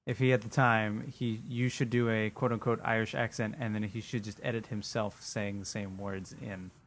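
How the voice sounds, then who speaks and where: A man's voice: lowish voice, flat delivery, normal speed, a little hiss or hum. Dry, teasing male co-host. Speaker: podcast co-host. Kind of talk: casual chat.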